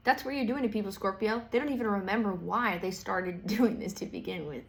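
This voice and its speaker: Woman doing a tarot reading, super casual, rambly, lots of likes and swearing, mid-pitched voice. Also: brisk. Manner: rambling, profane, lots of fillers and playful quoted voices. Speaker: tarot reader.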